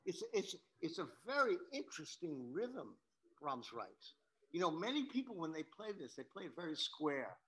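A man's voice: fairly high pitch, big pitch swings, normal speed, a bit bright, poor audio. A man from New York coaching a piano student, singing phrases on "da" syllables to show emphasis. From New York, USA. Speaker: piano teacher. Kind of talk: masterclass coaching.

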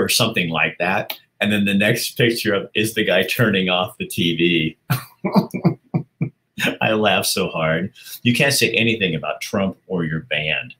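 Brief: male livestream host, deep voice, chatty and rambling, reads comments out loud. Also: rough recording. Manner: chatty, rambling, laughs often. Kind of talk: casual chat reading viewer comments aloud.

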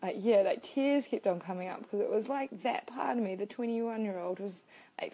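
A young woman talks openly to her live-stream viewers, greeting them by name as she goes. Her voice is soft and mellow, and her manner is heartfelt and unfiltered, with the odd swear word. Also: medium pitch, normal speed. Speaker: live-stream host and personal-growth coach.

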